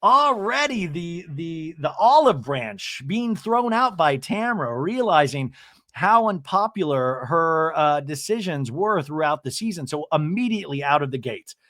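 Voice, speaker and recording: A man hosting a podcast, giving an animated, chatty recap of a reality-TV episode and often asking listeners "right?". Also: on the high side, measured pace, no room sound, studio quality. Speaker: podcast host.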